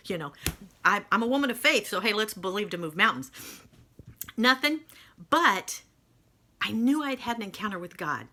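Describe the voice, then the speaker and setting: Bright, emotional woman telling her testimony. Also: medium pitch, normal speed. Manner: emotional, animated, folksy with soft quoted asides. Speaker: speaker sharing faith testimony. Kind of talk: personal testimony storytelling.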